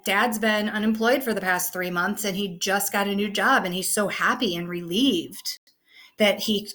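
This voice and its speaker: A woman's voice: medium pitch, fairly bright tone. A woman teacher talking casually through an online lesson, peppering her explanations with "okay" and "you know.". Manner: conversational, many fillers like "okay" and "you know".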